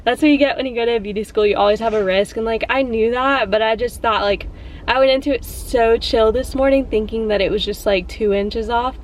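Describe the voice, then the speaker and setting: A woman's voice: fairly high pitch, fairly quick, a little hiss or hum, poor audio. Tearful young woman vlogging from her car. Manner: rambling, emotional, frequent "like" fillers. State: close to tears. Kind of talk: casual vlog talk to camera.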